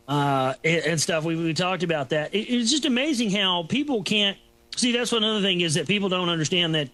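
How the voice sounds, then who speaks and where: A man's voice: sits high, fairly bright tone. A man hosting a talk show, rambling through a sarcastic, mocking solo commentary. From Texas.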